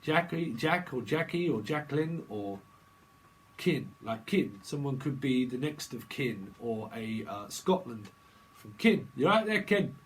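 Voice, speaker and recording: A man's voice: mid-range voice, measured pace, slight background noise. A man giving a rambling, jokey tarot reading, free-associating and laughing often. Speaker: tarot reader. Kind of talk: rambling solo reading video.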